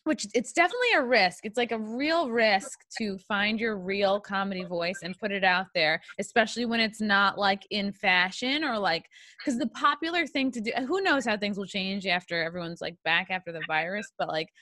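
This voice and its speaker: Bright-voiced woman hosting a podcast. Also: medium pitch, normal speed, no room sound, studio quality. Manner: candid, opinionated, talks it through with fillers. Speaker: podcast host. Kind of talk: casual podcast chat.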